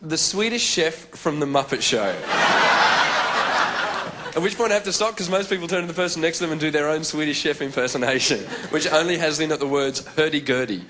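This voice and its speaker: A man with an Australian accent doing stand-up comedy in a lively, chatty storytelling way. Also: on the high side, brisk, heavy background noise.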